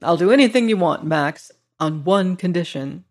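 A hearty gentleman of an old storybook, quick to speak and friendly in tone. A narrator puts him on, close to the reading voice. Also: mid-range voice, lively intonation, natural voice. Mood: brisk. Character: brisk, genial gentleman detective.

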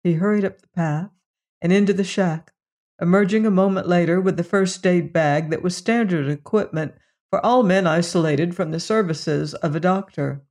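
A narrator reading a science fiction story in a steady, unhurried storytelling manner. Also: mid-range voice.

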